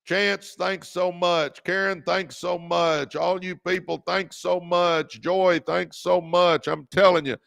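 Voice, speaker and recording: A man's voice: high-pitched, steady tone, slow pace, vocal fry, hardly any pauses, fairly bright tone, no room sound, clean studio sound. A middle-aged man hosting a motivational livestream, fired up, repeating key lines and thanking viewers by name. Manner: calls viewers "baby". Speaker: podcast host.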